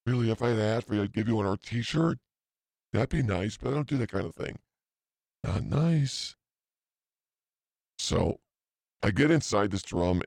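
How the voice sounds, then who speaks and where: A man's voice: on the low side, vocal fry, darkish tone, dry recording. A man in his fifties hosting a podcast, telling a rambling story in a profane, self-mocking way, full of asides. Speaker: podcast host.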